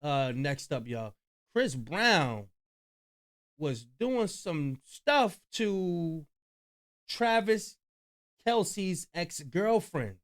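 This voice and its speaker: A man's voice: fairly high pitch, very animated, extremely slow, pauses often, a bit bright. A man hosting a reaction video, chatting loosely with slang and profanity about clips he plays. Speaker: reaction channel host. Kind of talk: casual commentary on clips.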